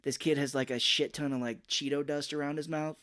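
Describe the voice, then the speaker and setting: Animated man recapping a movie. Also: brisk. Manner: animated retelling, jumps into high-pitched voices for characters. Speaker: podcast co-host. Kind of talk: casual movie recap chat.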